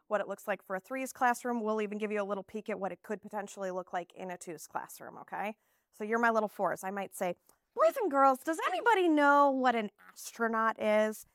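A woman from Texas, an early childhood teacher giving an animated live conference presentation, slipping into playful classroom talk. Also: fairly high pitch, no room sound, clean studio sound.

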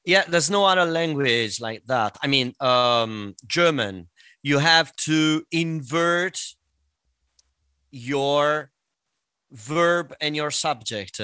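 A man with an Italian accent, a singer and voice teacher, explaining things in a casual podcast chat, pausing often with fillers. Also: fairly high pitch, expressive, bright, forceful tone, clean tone, no echo. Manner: explanatory, hesitant with many fillers.

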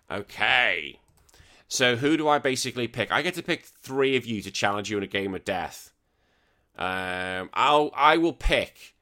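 A young British man hosting a retro games podcast, reading out listener comments in an excitable, sweary, laughing manner. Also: medium pitch, unhurried. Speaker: podcast host.

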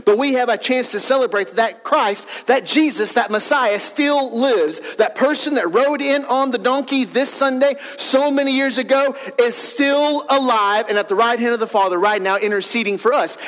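Pastor guy, kinda high voice, folksy chatty sermon, big church echo. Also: a bit bright. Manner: folksy, conversational storytelling. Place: church sanctuary.

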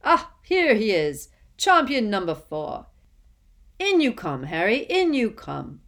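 A woman voicing a bouncy, jovial middle-aged male official who talks in a hearty, brisk way in an audiobook. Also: medium pitch, huge pitch swings, a bit bright, pitched above the performer's own voice, exaggerated voice. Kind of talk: audiobook character voice.

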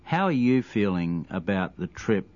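A man's voice: sits low, very animated, unhurried, darkish tone. An Australian man hosting a radio interview, asking questions with hesitant fillers. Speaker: radio host. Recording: dull lo-fi radio broadcast.

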